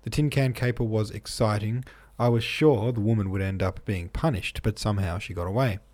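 A man hosting a podcast in a relaxed, chatty way, reading out listener comments with frequent ums, troubled by hiccups. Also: on the low side, fairly quick. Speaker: podcast host.

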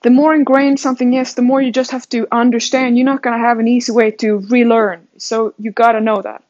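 A woman's voice: a little high, level tone, fairly quick, darkish tone. Rambling, self-mocking woman coach. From Sweden. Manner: rambling and self-mocking, many restarts and laughs. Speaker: fitness coach. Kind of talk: casual self-reflective monologue. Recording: dull lo-fi sound.

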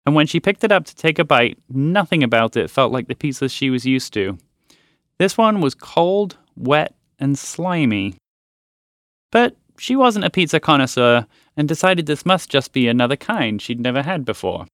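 A man narrating a children's story podcast as its host, with expressive storytelling. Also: medium pitch, normal speed, dry recording, studio quality.

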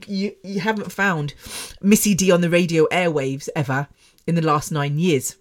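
Woman podcast host in her forties, from England, former radio presenter, chatty and self-mocking, laughs a lot. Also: low voice. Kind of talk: casual monologue.

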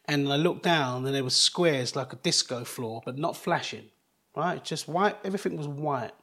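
A middle-aged man tells a personal story as an interview guest. His voice sits a little high for a man. He speaks earnestly and haltingly, stopping and restarting his sentences. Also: fairly bright tone.

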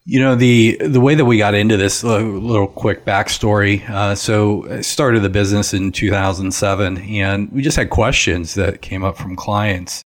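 A man in his thirties or forties hosting a finance podcast, explaining things in a loose, conversational way with frequent fillers. His voice is very low. He sounds relaxed and talkative. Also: moderate pace, few pauses. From Northeast Ohio. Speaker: financial advisor, podcast host. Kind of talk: casual podcast chat.

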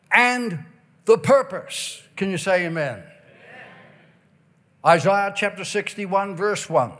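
A man with a high voice delivers a revival sermon. He stretches out key words, rises into shouts and slips into a sing-song cadence as he reads verses aloud. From Ireland. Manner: emphatic, drawn-out stresses, bursts of shouting and sing-song phrasing. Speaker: preacher.

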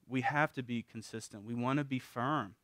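A middle-aged man giving a casual, animated talk at a parenting seminar, often acting out what parents and kids say in a raised voice. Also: mid-range voice, normal speed, dry recording. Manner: animated, acts out parents' and kids' quotes in a raised voice; casual, with repeated words and restarts. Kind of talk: conversational teaching talk.

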